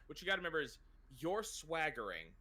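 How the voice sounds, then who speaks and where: A man's voice: fairly high pitch, sing-song, fast talker, bright, forceful tone. A man playing in a tabletop role-playing game, explaining to the game master how his character moves. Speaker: player.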